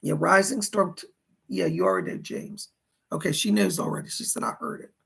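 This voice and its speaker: A male psychic medium on a live stream, reading out viewer donations and questions and relaying spirit messages with lots of "he said". He sounds hoarse and coughs now and then. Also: fairly high pitch, wildly swooping pitch, a little fast, a bit bright.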